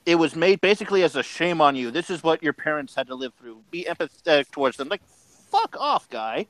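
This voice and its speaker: A man's voice: a little high, fast talker, a bit bright, low-quality recording. A man on a podcast in casual chat, blunt and sarcastic with frequent swearing, talking from home. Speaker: podcast co-host. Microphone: home mic over internet.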